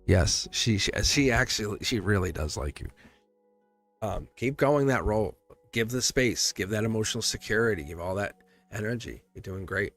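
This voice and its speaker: A man's voice: lowish voice, lively intonation, moderate pace, a bit bright, soft background music. A man giving a casual live-stream tarot reading. He talks in a chatty, emphatic, reassuring way and laughs often between phrases.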